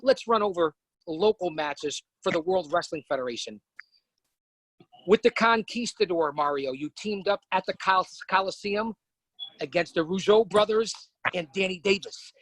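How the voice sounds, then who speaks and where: A man's voice: high voice, expressive, moderate pace, fairly bright tone, no echo, poor audio. A man hosting a podcast, asking questions in a hyped-up, theatrical way. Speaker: podcast host, interviewer. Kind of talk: casual podcast interview.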